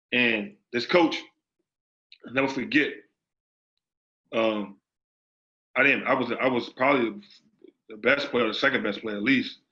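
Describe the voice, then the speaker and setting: The associate head basketball coach here has a medium, somewhat bright voice. He answers interview questions with force, repeats his phrases, and talks in street slang, all on a dull lo-fi recording.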